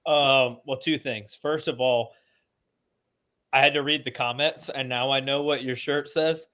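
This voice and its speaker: A man's voice: mid-range voice, measured pace. A man from Alabama with a Southern accent, co-hosting a casual veterans' podcast, riffing sarcastically and swearing freely. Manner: sarcastic, swearing, animated mock outrage. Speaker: podcast co-host. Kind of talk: casual comedic chat.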